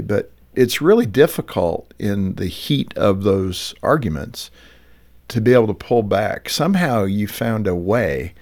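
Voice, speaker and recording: A man's voice: on the low side, vocal fry. A middle-aged man hosting a radio interview, asking thoughtful, probing questions with rising emphasis on the key points. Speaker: radio show host.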